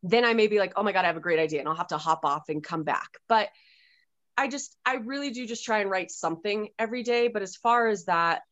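A woman author talking candidly on a podcast, swearing freely and breaking into animated outbursts. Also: mid-range voice, quick pace, no echo, muffled recording. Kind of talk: casual podcast chat.

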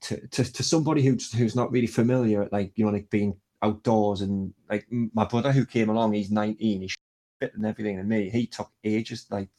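A man's voice: on the low side, darkish tone. A young man, telling a rambling story in casual chat and swearing freely.

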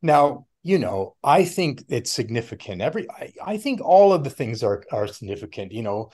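A middle-aged man talking casually as a podcast guest, rambling and animated, often laughing and acting out other people's voices. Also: mid-range voice, moderate pace. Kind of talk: casual conversation.

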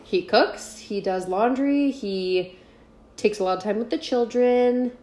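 A woman's voice: fairly high pitch, unhurried, warm tone. A woman co-hosting a podcast, chatting casually and asking her guests questions. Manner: easygoing, asks questions. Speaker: podcast co-host. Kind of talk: casual chat.

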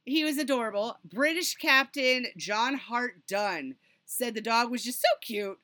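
Woman podcast host, animated storyteller, bright tone, very dry close sound. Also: a little high, unhurried, no echo. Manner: animated storyteller, bursts into excited laughter. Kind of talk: casual podcast chat.

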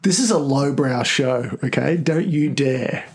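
A man's voice: mid-range voice, expressive, unhurried, slightly rough. A man hosting a casual comedy podcast, joking in a mock-bossy, self-important way. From Australia. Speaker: podcast host.

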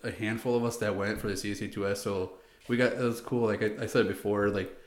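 A man's voice: fairly low pitch, steady tone, fast, reverberant. A young man, a former Marine, telling service stories in a rambling casual way, full of "like" and acted-out quotes. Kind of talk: casual podcast storytelling.

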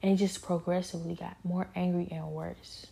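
A woman's voice: lowish voice, little pitch movement, moderate pace, vocal fry, warm tone, slightly rough. A woman giving an earnest, repetitive personal testimony, often dropping into a whisper. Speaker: speaker sharing a personal spiritual struggle.

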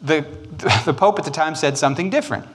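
A man, preaching a sermon on church history in an animated, joking way. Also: fairly high pitch. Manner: animated, joking, quick asides and put-on quotes. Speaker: pastor.

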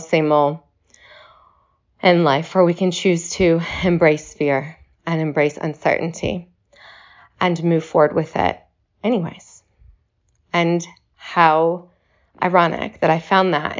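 A woman speaking slowly and reflectively in a personal video message, short of breath and pausing to reassure her listeners. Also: low-pitched, highs cut off. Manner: slow, reflective, reassuring delivery.

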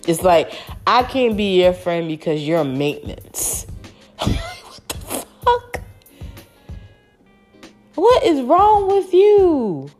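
A woman's voice: sits high, a little mellow. A woman talking straight to camera in a frank, emphatic, casual monologue that has some swearing.

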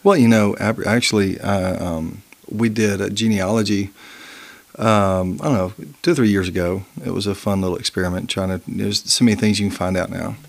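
Gravelly middle-aged man, joking podcast guest. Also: lowish voice, steady tone, brisk. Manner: easygoing, joking, loose storytelling. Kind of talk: casual chat.

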